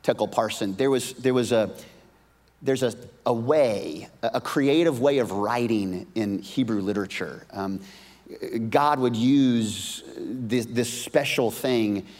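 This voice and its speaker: A male pastor preaching a sermon, moving between hushed whispers and loud, emphatic bursts, often repeating words. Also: medium pitch, slow pace. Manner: repeats words and restarts phrases. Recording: long reverb of a large hall.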